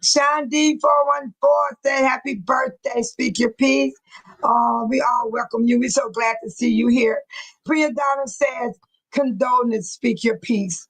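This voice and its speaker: A woman's voice: on the high side, fairly even intonation, unhurried, rough recording. A woman hosting a casual livestream, emotional and preachy, reading viewer comments aloud. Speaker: livestream host.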